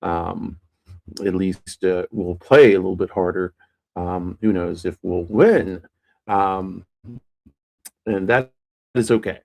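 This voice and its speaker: Slow, mellow live streamer. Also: steady tone, creaky. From United States. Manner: rambling, with many fillers and restarts; plays with raising the pitch of the voice. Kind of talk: casual solo live-stream chat.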